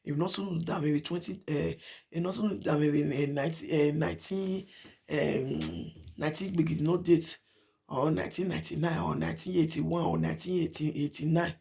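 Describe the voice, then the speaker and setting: Woman, Nigerian accent, casual vlog talk, gravelly voice, emphatic, repeats herself. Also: sits low, moderate pace, mellow. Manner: emphatic and repetitive, mixing Pidgin with English. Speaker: vlogger.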